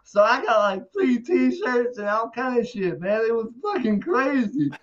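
A man's voice: very high voice, measured pace. A man, an interview guest, telling a story casually, swearing freely and acting out what people said. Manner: profane, animated, acts out quotes. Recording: dull lo-fi audio.

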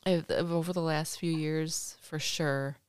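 A woman's voice: sits low, fairly even intonation, unhurried, darkish tone, smooth. A middle-aged woman with a stuffy nose, chatting casually at home as her son interviews her, rambling with many restarts. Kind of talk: casual chat. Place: home basement.

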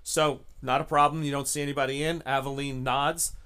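A man narrating as game master of a tabletop game, relaxed and chatty. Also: mid-range voice, fairly quick, clean tone.

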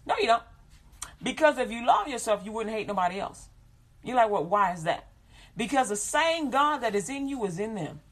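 Woman, informal preaching, lively, acts out voices, laughs a lot, higher voice. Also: moderate pace. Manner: animated, acts out quoted voices, laughs often. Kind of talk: informal sermon.

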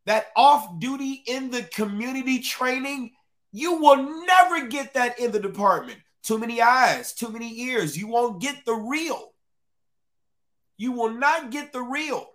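A man with a fairly high-pitched voice hosts a live-streamed podcast. He talks emphatically, repeating lines for stress and breaking off to greet viewers in the chat. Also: animated, a little slow, a bit bright. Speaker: podcast host. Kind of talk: live-streamed commentary talk.

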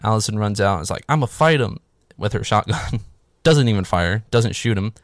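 A man's voice: lowish voice, fairly quick, no room sound, studio quality. A man giving a casual, sarcastic, profane recap of a film, rambling with lots of filler words. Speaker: movie recap host.

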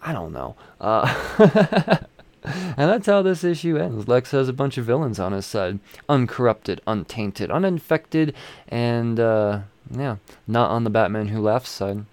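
A man's voice: mid-range voice, lively intonation, measured pace, darkish tone, no echo. A man casually recapping a comic issue, rambling, swearing freely and chuckling as he goes. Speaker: comic book reviewer.

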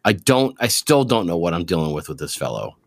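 A man co-hosting a podcast, chatting casually about movies, animated and profane, with loose rambling restarts. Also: sits low, fairly quick, creaky. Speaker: podcast co-host.

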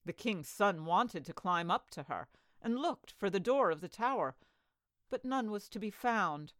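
A woman reading a fairy tale aloud as a storyteller, with an expressive storybook delivery. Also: medium pitch, a little slow, dry recording.

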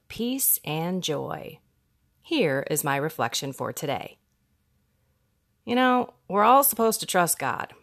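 Woman podcast host, slow and low, conversational devotional talk. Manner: earnest, conversational, acts out quoted voices. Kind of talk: faith reflection monologue.

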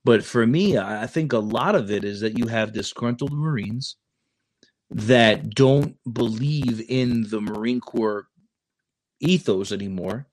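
A man's voice: medium pitch, measured pace, a little mellow, no room sound. A man, a Marine recruiter talking on a casual podcast, rambling and restarting his sentences often. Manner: rambling, with many restarts and stammers.

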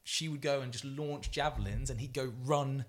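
A man who is a guest athlete on a podcast, telling stories in an animated way, acting out quotes, with frequent fillers and restarts. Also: medium pitch, normal speed. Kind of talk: storytelling podcast chat.

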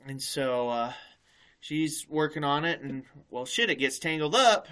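Bright-voiced rambling podcast host man. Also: on the high side, animated, unhurried. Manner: rambling, swears casually. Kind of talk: casual podcast chat, telling jokes.

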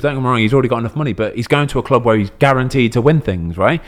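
A man hosting a casual podcast, speaking at a middle pitch. He tells stories with animation, drawing listeners in with "you know what I mean" and "right?". The chat is relaxed and conversational. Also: fast. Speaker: podcast host, professional footballer.

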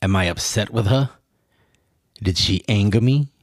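A man's voice: lowish voice, a little slow, no room sound, clean studio sound. A man hosting a casual solo podcast, rambling and swearing as he poses rhetorical questions to himself. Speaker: podcast host.

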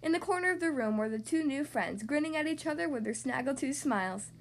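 A woman reading a children's picture book aloud in an expressive, sing-song way. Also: sits high, fairly quick, few pauses, a little hiss or hum. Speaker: storyteller.

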